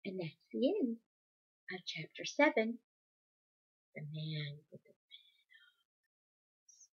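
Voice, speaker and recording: Slow, expressive woman reading a novel aloud. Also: lowish voice, husky, highs cut off. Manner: gentle, ends with a spoken blessing. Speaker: reader of a children's novel.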